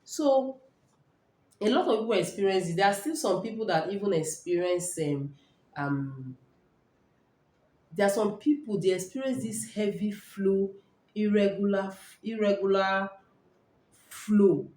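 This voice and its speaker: A woman's voice: medium pitch, measured pace, pauses often, warm tone. A middle-aged Nigerian woman hosting a casual health talk, repeating points emphatically and checking in with "all right?". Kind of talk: casual live talk to viewers. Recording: echoey room.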